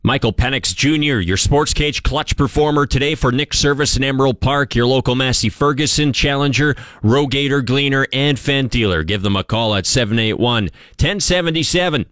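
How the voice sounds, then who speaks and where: Chatty young Canadian radio host. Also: male voice, medium pitch, normal speed, hardly any pauses, a bit bright, no echo, studio quality. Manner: chatty, joking, self-deprecating. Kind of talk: casual sports radio talk.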